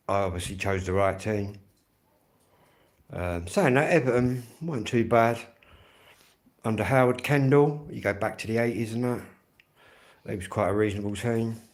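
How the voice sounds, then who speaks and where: Lower-voiced rambling man with a Kent accent. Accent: Kent English. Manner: rambling, chatty, swears freely. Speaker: music channel host. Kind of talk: casual live-stream chat.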